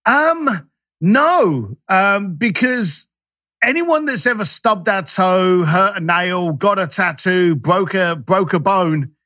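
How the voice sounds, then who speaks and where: A man's voice: high-pitched, animated, slow pace, sharp tone, no room sound. A man, a guest in an interview, telling stories animatedly and acting out the dialogue he quotes. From Irish, raised in East London. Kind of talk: storytelling interview talk.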